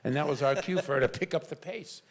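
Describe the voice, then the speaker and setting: An older man, an actor, telling animated stories on a convention panel stage, now and then shouting out remembered lines. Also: a little high, fast. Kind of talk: storytelling on a panel.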